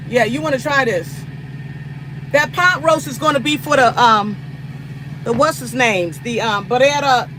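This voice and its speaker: A woman's voice: high-pitched, background noise. A woman truck driver chatting casually with her livestream viewers, rambling and talking straight to them with lots of "y'all". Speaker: long-haul truck driver and livestream host.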